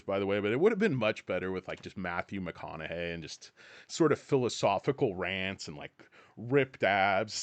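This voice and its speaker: A man's voice: fairly low pitch, no echo. A man hosting a casual livestream, rambling and a bit profane as he greets viewers by name. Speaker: livestream host. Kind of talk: casual live-stream chat.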